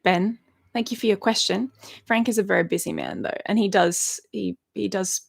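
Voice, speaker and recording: Hosting a relaxed YouTube live stream in her bedroom, a thirty-something Australian woman answers viewer questions, rambles, and laughs often. Her medium-pitched voice moves at a moderate pace and is slightly rough with vocal fry.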